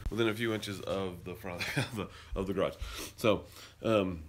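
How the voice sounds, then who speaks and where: A man's voice: low voice, normal speed, faint music behind. A man hosting a podcast, telling a story in a casual, rambling way that turns heated and emphatic. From Utah, US. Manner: rambling, restarts often, gets heated and emphatic. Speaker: podcast host. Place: garage and car, indoors and out.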